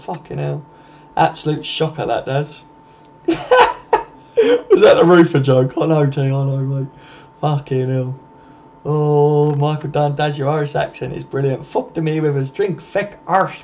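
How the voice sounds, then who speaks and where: A man's voice: on the high side, a little mellow, a little hiss or hum. A young man hosting a live stream, reading out viewer comments and answering them in casual chat full of swearing and laughter. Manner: sweary, laughing, matey banter.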